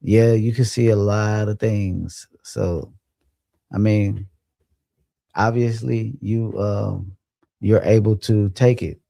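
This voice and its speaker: A young man hosts a late-night livestream and talks in a relaxed, rambling way. His voice is deep and gravelly, very dark and mellow, and it sounds dry and close with no room echo. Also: slow pace. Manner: laid-back, rambling, laughs often. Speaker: livestream host. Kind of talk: casual livestream chat, reading comments.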